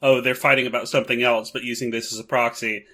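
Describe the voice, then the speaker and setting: A man's voice: mid-range voice, flat delivery, fast talker, bright, forceful tone. A man co-hosting a podcast, blunt and sardonic, swearing freely and stumbling a little before he lands his points. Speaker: podcast co-host. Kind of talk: casual recap chat.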